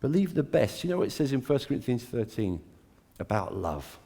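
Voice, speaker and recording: A man preaching a sermon to a church, dramatic and swinging between hushed, intimate lines and emphatic climbs. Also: mid-range voice, sing-song, brisk, creaky. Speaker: pastor.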